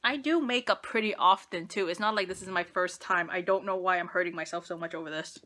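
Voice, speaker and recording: A woman's voice: fairly low pitch, a little fast, bright, forceful tone. A young woman rambling through a makeup tutorial, self-deprecating and talking to herself as she works. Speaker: beauty vlogger.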